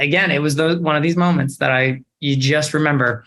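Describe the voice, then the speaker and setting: A young adult man, an actor guest in a casual interview, telling a story in a lively, expressive way. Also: fairly high pitch, fairly quick.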